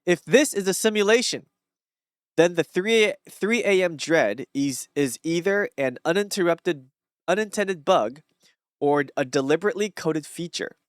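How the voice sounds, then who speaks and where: A man putting on a heavy Taiwanese Mandarin accent to read short musings aloud in a high, slow voice. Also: animated, smooth, no echo, studio quality. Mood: mock solemn. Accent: Taiwanese Mandarin, put on. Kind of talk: mock-accented reading of musings.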